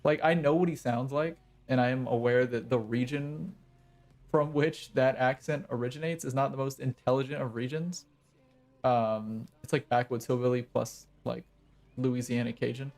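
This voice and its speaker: A man's voice: mid-range voice, darkish tone. A young adult man streaming a game, chatting casually in a rambling, joking, self-mocking way. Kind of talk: casual gaming commentary.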